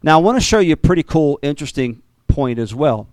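A man preaching a sermon as pastor, animated, with sudden jumps in pitch and repeated words. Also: fast talker, dry recording.

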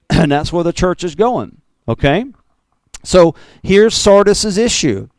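Man, pastor, fiery sermon, loud bursts and low asides, higher voice, dry sound. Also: big pitch swings, slow pace, smooth, dry recording. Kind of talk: Pentecostal sermon.

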